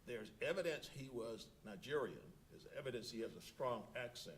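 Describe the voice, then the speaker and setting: A man presiding as an appellate judge, questioning a lawyer in court. His voice sits at a middle pitch. He thinks aloud, restarting sentences as he works through a point. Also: lively intonation, moderate pace, a little hiss or hum.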